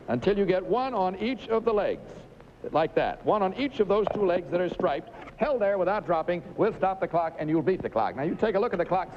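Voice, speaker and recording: High-voiced, encouraging 1950s game show host. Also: male voice. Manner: brisk, encouraging, chatty with contestants. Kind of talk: live TV game show patter. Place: TV studio stage. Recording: lo-fi hissy 1950s TV broadcast.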